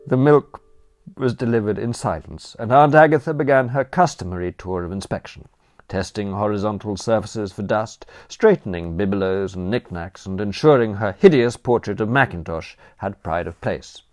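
A man reading first-person comic narration for an audiobook in a wry, animated manner. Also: fairly low pitch, normal speed.

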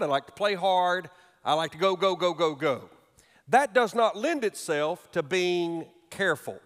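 A middle-aged man preaching a sermon as pastor, telling humorous stories with animated delivery in a church sanctuary. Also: high voice. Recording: long reverb of a large hall.

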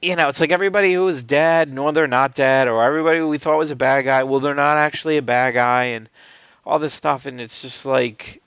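Man, gravelly voice, dry close sound, rambling film chat, lots of fillers and restarts. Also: medium pitch, fairly even intonation, fairly quick, fairly bright tone, no echo. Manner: rambling, many fillers and restarts, swears casually. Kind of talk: casual film discussion.

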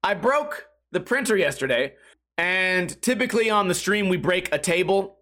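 A young man hosting a podcast, telling profane, animated stories and acting out quotes and noises. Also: high-pitched, normal speed. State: sweating. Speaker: podcast host. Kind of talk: casual storytelling monologue.

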